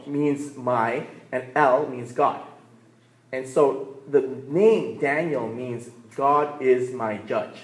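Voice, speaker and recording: A pastor in his thirties preaches a sermon in a relaxed, conversational way, often checking in with "right?" and laughing between points. His mid-range voice is a little mellow, and the recording has a roomy echo.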